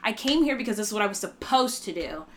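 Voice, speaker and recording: A woman's voice: mid-range voice, lively intonation, quick pace, fairly bright tone. A woman who works as a stage actor, telling a candid personal story in a casual chat. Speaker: actor, podcast co-host.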